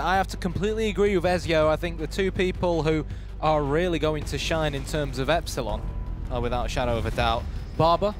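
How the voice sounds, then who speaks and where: A man casting live esports play-by-play, building hype around each kill. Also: fairly high pitch. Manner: excitable play-by-play, bursts of hype on kills.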